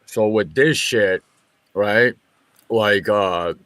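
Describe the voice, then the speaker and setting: Profane former military cop telling a story. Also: male voice, on the low side, very slow, no echo. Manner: profane, animated retelling with quoted dialogue. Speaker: former military police officer. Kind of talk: casual storytelling in a group chat.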